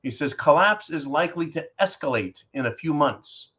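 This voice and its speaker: A man hosting a talk show, reading a listener's question and then ranting at length in a sarcastic, animated way, often calling his listeners "folks". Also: a little high, moderate pace. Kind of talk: casual opinion talk show.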